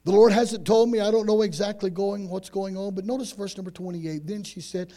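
A man preaching a sermon, retelling a story with dramatic swings from loud to hushed and frequent repeated words. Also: sits high, fairly even intonation, a little fast, hardly any pauses.

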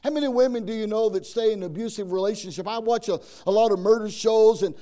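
A man's voice: sits high, fast talker, warm tone. A man preaching a folksy sermon, telling stories and acting out the quoted voices.

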